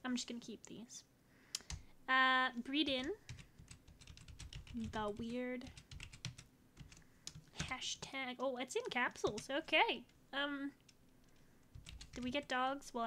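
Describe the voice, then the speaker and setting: A woman's voice: high voice, steady tone, slow pace, long pauses, sharp tone, slight background noise. A woman chatting casually over a game as she plays, bubbly and talkative. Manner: bubbly, chatty, talks to the game and her dogs. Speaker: gaming YouTuber. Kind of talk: casual gameplay commentary.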